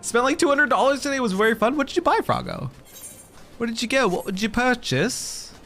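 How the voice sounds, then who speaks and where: Animated young male game streamer. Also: extremely high pitch, fairly quick, soft background music. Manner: chatty, joking, reacts to chat. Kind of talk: casual game streaming commentary.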